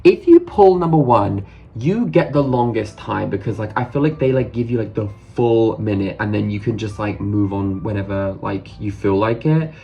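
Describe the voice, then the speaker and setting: A British man in his late twenties telling a story in a casual vlog, excitable and gushing, with lots of "like" fillers. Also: lowish voice, moderate pace, vocal fry, lo-fi sound. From Britain. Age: 20s. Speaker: vlogger.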